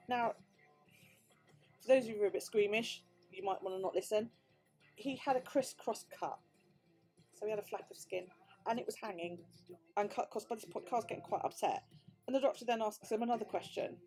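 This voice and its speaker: With a slightly high, warm voice and a British English accent, this crafting vlogger chats casually through a story. The British woman curses freely and performs the lines of dialogue she quotes.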